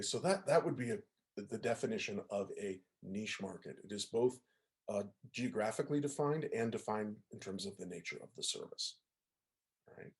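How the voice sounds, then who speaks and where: A man's voice: fairly low pitch, a little mellow. A man, a music professor, giving a casual lecture over a video call, often asking "right?" and "okay?" to check in with listeners. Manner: conversational, asks the audience to confirm with frequent "right?" and "okay?".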